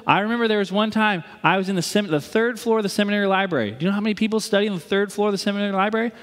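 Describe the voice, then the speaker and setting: Pastor, male, 30s, light high voice, chatty storyteller, big echoing hall. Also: racing, fairly bright tone. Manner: conversational storytelling with playful asides. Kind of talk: sermon. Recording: long reverb of a big hall.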